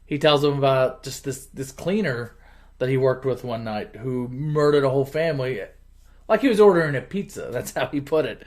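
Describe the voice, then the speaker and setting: A man hosting his channel, casually retelling a movie plot in an animated, chuckling, conversational way. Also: medium pitch, moderate pace. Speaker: channel host.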